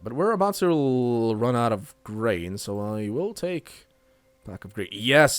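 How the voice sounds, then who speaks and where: A man's voice: on the low side, no echo. A man giving casual let's play commentary, chatty and thinking aloud while he plays. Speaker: gaming youtuber.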